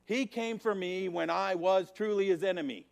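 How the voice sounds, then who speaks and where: Gravelly, higher-voiced male Bible teacher. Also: normal speed. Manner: dramatic swings from hushed to loud emphasis; repetitive, emphatic preaching cadence. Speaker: Sunday school teacher.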